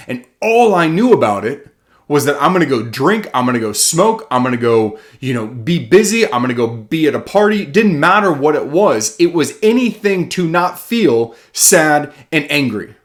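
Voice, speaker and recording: A man giving a heartfelt motivational talk as an author, earnest and self-questioning, his voice swinging from loud and pressing to hushed and slow. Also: a little high, sing-song.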